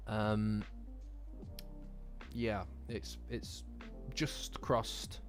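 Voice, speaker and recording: A man's voice: lowish voice, steady tone, extremely slow, pauses often. A man hosting a casual chat with viewers late at night, tired and yawning, rambling with frequent restarts and jokes to his audience. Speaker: anime and manga commentary channel host. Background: lo-fi background music.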